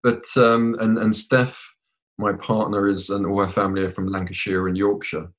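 A man's voice: fairly low pitch, little pitch movement, moderate pace. A man from England, a podcast guest, chatting casually and hesitantly with many repeated words. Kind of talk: casual chat.

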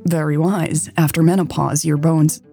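A woman's voice: deep voice, steady tone, moderate pace, creaky, dark tone, faint music behind. Woman reading awkward nervous young woman. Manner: awkward, stammering.

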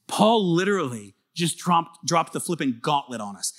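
A man preaching a sermon as pastor, earnest and conversational, swinging from emphatic bursts to soft confiding asides. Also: on the high side, expressive, normal speed, few pauses.

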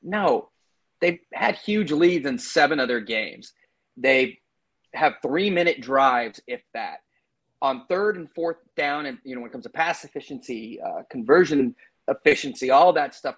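A man of middle pitch talks through his college football picks in a casual, rambling way. He fills gaps with "uh" and side remarks, and his voice sounds like an everyday podcast voice. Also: lively intonation, moderate pace, a bit bright. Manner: loose and chatty, lots of fillers and asides. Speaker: podcast co-host making betting picks. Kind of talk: casual sports-betting chat.

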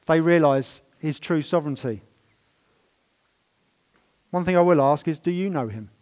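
A man preaching a sermon in a church, telling stories and stressing words with swings in loudness. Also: a little high. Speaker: pastor.

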